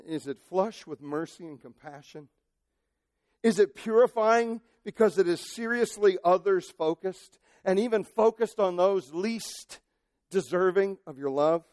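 Impassioned high-voiced male preacher. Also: unhurried, dry recording, studio quality. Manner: impassioned, swings from shouting to quiet. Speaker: pastor. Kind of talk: sermon.

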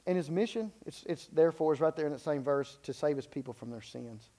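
A man's voice: a little high, fast talker, dark tone. A man preaching a sermon in an unscripted way, stumbling and repeating words, then building to emphatic peaks.

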